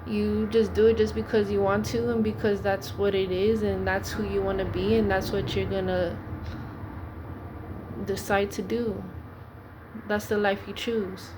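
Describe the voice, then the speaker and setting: Earnest pleading woman, flat delivery. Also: mid-range voice, measured pace, background noise. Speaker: preacher. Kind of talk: informal preaching monologue.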